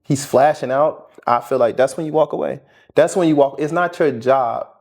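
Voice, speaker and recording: A man's voice: mid-range voice, moderate pace, gravelly, a little mellow. Brief: man, casual commentary, direct, advising tone, mid-range voice.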